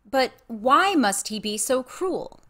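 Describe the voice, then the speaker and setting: A woman's voice: high-pitched, sing-song, takes it slowly, fairly bright tone, pitched above the performer's own voice, exaggerated voice. A woman voicing a proud, guarded young noblewoman who speaks with cool courtesy. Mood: courteous.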